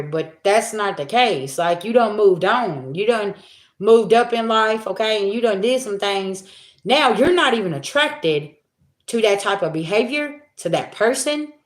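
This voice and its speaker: A chatty woman leans into a folksy livestream talk as a spiritual reader, calling her viewers y'all. Her voice sits at a middle pitch. The room gives it a roomy echo.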